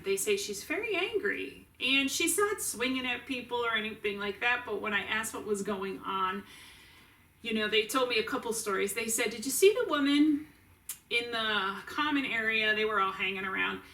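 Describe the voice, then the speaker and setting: A woman's voice: medium pitch, pushed and bright, distant mic. A middle-aged woman talking casually and earnestly to camera as a family caregiver, with restarts and asides. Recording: roomy echo, voice set back from the mic.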